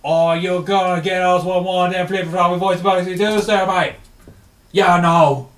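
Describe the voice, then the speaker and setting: Brief: rowdy barbarian raider with a put-on British accent, a man putting him on, pitched high and loud, recorded in a roomy room some way off the mic. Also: little pitch movement, normal speed, distant mic. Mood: excited. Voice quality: loud jeering cockney-style slang.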